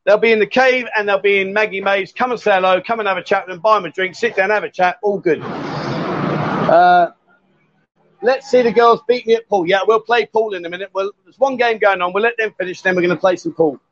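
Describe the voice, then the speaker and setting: Male host, high-ish voice, chatty and jokey, live bar stream, muffled lo-fi sound. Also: fairly quick. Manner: loud, jokey, coaxing and chatty.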